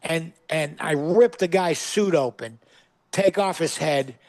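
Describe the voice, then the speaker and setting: A man's voice: fairly high pitch, slow, a little mellow, no room sound. Man telling a punchy comic story. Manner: punchy comic delivery with acted-out quotes. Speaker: guest comedian. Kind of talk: animated storytelling. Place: studio.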